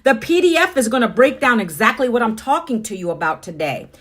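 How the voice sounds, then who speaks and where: A middle-aged woman chats with viewers on a phone livestream. Her voice sits high and her tone is upbeat. She speaks casually and keeps talking straight to the people watching. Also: sing-song, a little fast, fairly bright tone. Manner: chatty, upbeat, addresses viewers directly. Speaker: livestream host.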